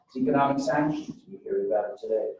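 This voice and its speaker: A man's voice: on the low side, fast talker, a little mellow. A man giving a university history lecture, telling events as a story and acting out what people said. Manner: storytelling, retells exchanges as dialogue. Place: lecture hall. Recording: echoey lecture hall, mic far off, dull.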